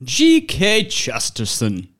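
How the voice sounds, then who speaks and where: Young man doing a slow, bad British accent. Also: medium pitch, huge pitch swings, a bit bright, full character voice. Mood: mock solemn. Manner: giggly, self-mocking. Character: clumsy fake British announcer, male young adult. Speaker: family member recording a bit. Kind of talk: mock British and Australian accents.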